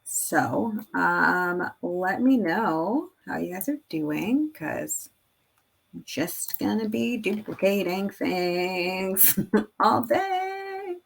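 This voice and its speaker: A craft video creator in her thirties rambles casually and laughs while making a craft design on screen. Her mid-range voice is gravelly, very animated and very slow, with a little hiss or hum in the audio.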